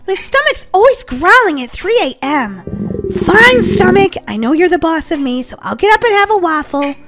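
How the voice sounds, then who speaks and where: A woman playing jumpy, excitable girl Molly. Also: extremely high pitch, moderate pace, loud music behind the voice. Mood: grumbling. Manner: excitable, shrieks when scared. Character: young girl Molly, jumpy and easily spooked. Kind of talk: roleplay story voice-acting.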